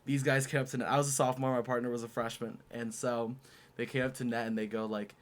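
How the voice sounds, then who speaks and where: A young man co-hosting a podcast, chatting casually and telling lively stories, acting out shouted quotes. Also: medium pitch, fast. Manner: animated storyteller, acts out quotes loudly. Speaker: podcast co-host. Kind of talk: casual chat.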